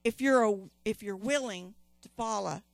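A woman's voice: mid-range voice, normal speed, vocal fry, no echo. A woman preaching a sermon, emphatic and repeating key phrases, calling on the congregation to respond.

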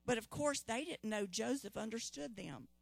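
A woman preacher with a slightly high voice tells a Bible story in a lively way, calling out to her listeners. The sound is dry and close. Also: normal speed, creaky, no echo. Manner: lively, calls out to the congregation.

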